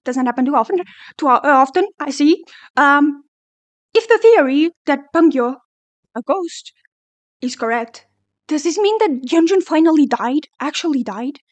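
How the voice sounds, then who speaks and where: A young woman hosting a music video reaction, excitable and swearing freely, singing along and shrieking in delight. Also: high voice, normal speed, dry recording. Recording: faint music playing behind her voice.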